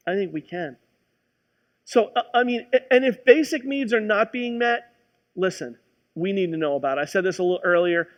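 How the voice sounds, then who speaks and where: A man preaching a sermon as a pastor, telling a personal story in a conversational way with frequent restarts. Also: sits high.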